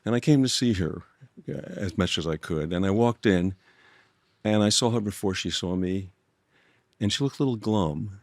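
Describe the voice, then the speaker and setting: An older man as a podcast guest, speaking in a gentle, thoughtful way and often stopping to restart a sentence. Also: low voice, moderate pace, dry recording. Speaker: guest author. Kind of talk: reflective storytelling conversation.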